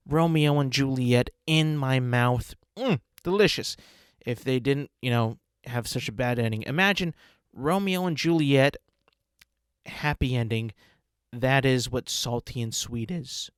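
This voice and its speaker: Male podcast host, mid-pitched, rambling, playful, dry close sound. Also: measured pace, clear, resonant tone, no echo. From United States. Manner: rambling, playful, savoring food talk. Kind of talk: casual solo podcast monologue.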